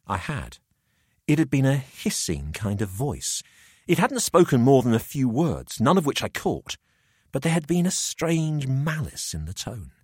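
A man's voice: medium pitch, big pitch swings, a little mellow, slightly rough, no echo, clean studio sound. A man reading a macabre story aloud as narrator. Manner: measured storytelling. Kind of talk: audiobook narration.

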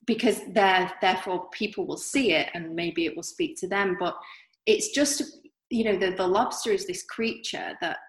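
A woman artist from northern England with a softened northern accent, chatting casually in an interview and using many fillers and restarts. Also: lowish voice, normal speed. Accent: softened northern English. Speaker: artist guest. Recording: roomy echo.

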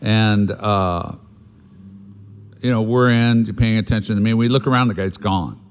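Man, very low voice, blunt, swears freely, rambling but earnest storyteller. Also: a little slow, clean tone. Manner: earnest and reflective about making amends. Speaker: guest sharing a recovery story. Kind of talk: candid conversational storytelling.

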